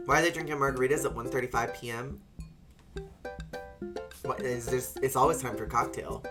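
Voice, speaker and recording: A streamer playing a dating game who jokes around and reads the game text aloud in an animated way, with game music behind. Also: mid-range voice, a little fast, pauses often. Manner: playful, joking, animated reading. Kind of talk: let's play commentary and reading game text aloud.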